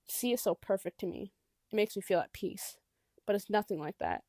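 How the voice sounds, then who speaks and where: A woman narrating a novel in the first person, reflective and intimate. Her mid-pitched voice carries a gravelly texture of vocal fry. The recording is close and completely dry. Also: big pitch swings, a little fast, a little mellow, dry recording. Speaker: audiobook narrator.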